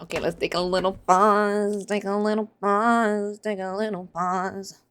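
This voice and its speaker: A woman's voice: medium pitch, fairly even intonation, measured pace, noisy background. A woman in her twenties giving casual, sarcastic commentary in a book reaction vlog, rambling and exasperated.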